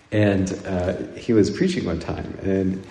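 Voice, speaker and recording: A man from Nebraska giving a conversational homily, rambling and halting with many restarts and fillers. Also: low-pitched, fairly even intonation, mellow, a little hiss or hum. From Nebraska, USA. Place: church. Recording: echoey church with long reverb.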